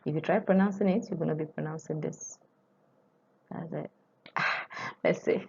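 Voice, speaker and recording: A woman's voice: low-pitched, steady tone, normal speed, creaky, darkish tone, breathy edge, highs cut off. A woman teaching a language lesson, patiently repeating and drilling forms aloud, recorded on a computer mic. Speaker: French teacher.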